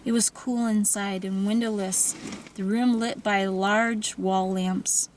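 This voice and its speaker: A woman narrating a novel in a calm, even storytelling manner. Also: medium pitch, takes it slowly, poor audio. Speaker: audiobook narrator.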